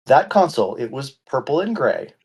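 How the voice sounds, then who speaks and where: A man's voice: mid-range voice, sing-song, normal speed, breathy edge. A man in his forties co-hosting a podcast, chatting casually and ranting with playful mock indignation. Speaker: podcast co-host. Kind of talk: casual chat.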